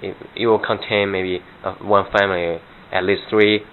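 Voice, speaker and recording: A man's voice: sits low, level tone, normal speed. A man from Beijing, interviewed, often stopping to search for words. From Beijing, China. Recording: muffled with faint noise.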